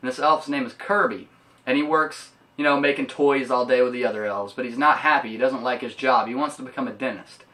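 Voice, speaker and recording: A man's voice: mid-range voice, steady tone, fairly quick, sharp tone. A young man casually recapping a movie's plot in a loose, rambling way, with casual swearing. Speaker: movie reviewer. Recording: voice a bit far from mic.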